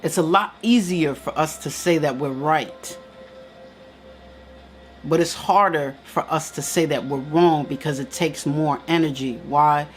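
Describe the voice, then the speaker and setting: A woman's voice: sits low, unhurried, faint music behind. Emphatic preaching woman, live stream. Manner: emphatic and preacherly, repeats key lines. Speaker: spiritual teacher hosting a live stream. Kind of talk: live-stream motivational talk reading viewer comments.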